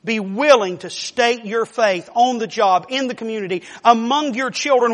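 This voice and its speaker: A man preaching a sermon, telling a Bible story in an animated way and acting out the characters' voices. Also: high-pitched, a little slow. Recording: long reverb of a large hall.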